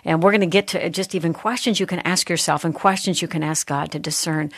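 Gravelly-voiced woman host. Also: fairly low pitch, fairly even intonation, fast talker, no room sound, studio quality. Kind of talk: interviewing a guest.

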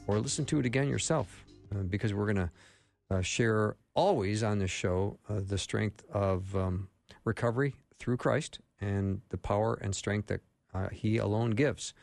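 A man's voice: on the low side, moderate pace, vocal fry, darkish tone, no room sound, soft background music. A man hosting a faith-based recovery radio talk show from a studio, folksy and affirming, with short agreements. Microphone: studio microphone.

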